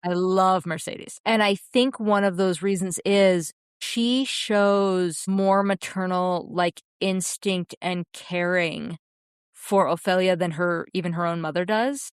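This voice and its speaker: A podcast co-host talks enthusiastically and earnestly about a film she loves, often restarting her sentences in casual film discussion. Her lowish voice is steady, smooth and slow, recorded with studio quality and no echo.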